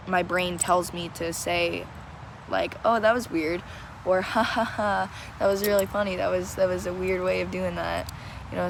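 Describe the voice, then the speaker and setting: A teenage girl speaking in a halting, tearful personal confession, searching for words as she goes. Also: fairly low pitch, background noise. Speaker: vlogger.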